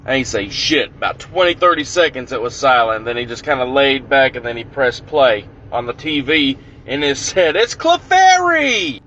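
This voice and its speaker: A man telling a comic prank story in an animated, profane, punchy way. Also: medium pitch, normal speed, hardly any pauses, highs cut off, slight background noise.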